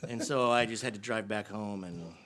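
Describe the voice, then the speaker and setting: A man's voice: fairly low pitch, normal speed, a bit bright. A man on a casual podcast, telling a story with animation and laughing as he talks. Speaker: podcast co-host. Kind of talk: casual chat.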